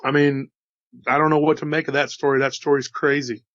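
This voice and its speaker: Man, slightly hoarse, casual storyteller, chatty, dry close sound, muffled recording. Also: fairly high pitch, brisk, no room sound. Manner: relaxed, chatty, says "dude" and "you know". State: slightly hoarse after an illness. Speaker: storyteller relaying witness accounts.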